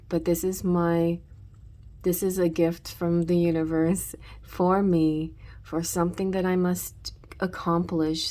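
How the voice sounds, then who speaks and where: A woman's voice: on the low side, a little mellow. A woman giving a casual tarot reading in a rambling way, full of restarts and "you know". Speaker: tarot reader.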